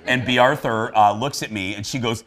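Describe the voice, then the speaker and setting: A man in his forties hosting a studio talk show, animated, laughing often and stumbling over his words. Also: mid-range voice, brisk, a crowd in the background. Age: 40s. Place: TV studio with live audience. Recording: studio with loud audience.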